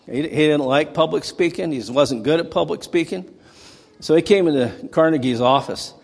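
A man's voice: on the high side, normal speed, gravelly, slightly rough, big-room sound. A male preacher giving a sermon, telling stories conversationally and rising into dramatic outbursts. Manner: conversational storytelling with dramatic bursts.

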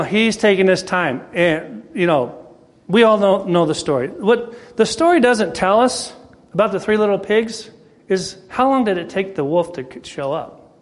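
A man preaching a sermon in a folksy, conversational way, telling a story to the congregation. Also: sits high. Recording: echoey hall.

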